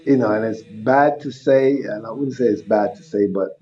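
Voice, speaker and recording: Older man, earnest and animated. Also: lowish voice, normal speed, muffled recording. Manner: earnest, animated, acts out his own inner voice. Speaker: interview guest, convert. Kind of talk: reflective personal storytelling.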